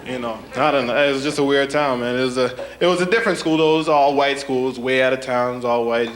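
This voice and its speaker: A man's voice: mid-range voice, quick pace. A young man performing a stand-up routine, telling stories casually and acting out other people's voices. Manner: animated storytelling, acts out voices, says "man" a lot. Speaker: stand-up comedian. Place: comedy club stage. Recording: live club with loud crowd and noise.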